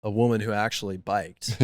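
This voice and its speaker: A man's voice: lowish voice, steady tone, moderate pace, darkish tone, dry recording. Chatty male podcast host telling stories. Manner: storytelling with lots of acted-out quotes. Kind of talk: casual chat.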